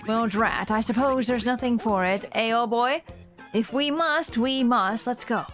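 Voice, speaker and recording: A woman's voice: fairly high pitch, unhurried, fairly bright tone, faint music behind. A woman doing a posh old bomb sailor. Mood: resigned. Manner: mock-posh, clipped. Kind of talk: reading game dialogue aloud.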